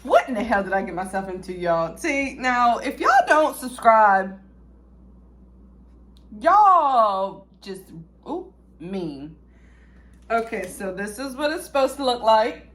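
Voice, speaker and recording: A young woman, vlogging a food review, dramatic and chatty, swinging from loud squeals to low mutters. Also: expressive, slow, pauses often. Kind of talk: casual food-review vlog.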